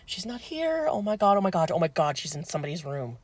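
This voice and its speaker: A woman playing an urgent nursing-home nurse, clipped words, lowish voice. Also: very animated, fast talker, darkish tone. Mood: frantic. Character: frantic then stern woman nurse.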